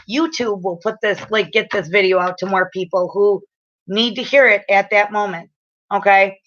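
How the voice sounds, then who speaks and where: A woman giving a casual live-stream oracle card reading, rambling with lots of fillers and restarts, and getting loud and excited as she talks. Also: medium pitch, normal speed, lo-fi sound. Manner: excitable and loud when enthused.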